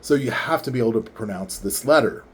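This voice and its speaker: Leaning close to the mic, a man with a husky, medium-pitched voice teaches viewers his name's pronunciation in a relaxed explanatory talk to camera. He says it slowly and carefully, breaking words into syllables and repeating them.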